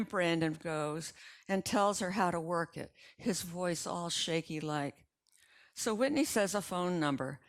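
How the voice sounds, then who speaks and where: A woman reading a story aloud in an unhurried storytelling manner, slipping into small voices for the characters. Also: low-pitched. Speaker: resident reader. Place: retirement community.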